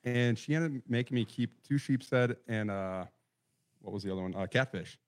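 A man's voice: medium pitch, moderate pace. Amused man telling a fishing story. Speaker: guest. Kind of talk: casual storytelling.

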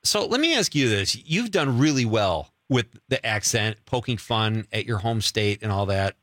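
A man's voice: on the low side, lively intonation, normal speed, fairly bright tone, no echo. Chatty man hosting, dry close sound. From part of life in Chicago. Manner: chatty, laughs often. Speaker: host. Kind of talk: casual interview chat.

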